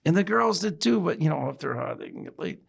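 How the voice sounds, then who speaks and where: Man, podcast co-host, very gravelly, joking, swearing. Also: a little high, lively intonation, quick pace. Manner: profane, joking, loud. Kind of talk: casual podcast chat.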